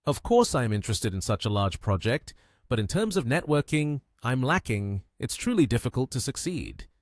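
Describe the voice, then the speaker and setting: A man's voice: mid-range voice, big pitch swings, moderate pace, dry recording, clean studio sound, lightly acted. A man voicing a polite, composed young businesswoman in a comic recap.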